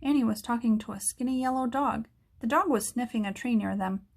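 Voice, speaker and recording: A woman narrating a children's book aloud in a steady storytelling manner. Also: fairly high pitch, a little fast, vocal fry.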